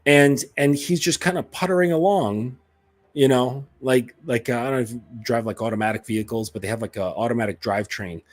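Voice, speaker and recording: A man's voice: medium pitch, a little fast. A man coaching other men in a casual monologue, blunt and profane, with many fillers. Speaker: dating and self-improvement coach.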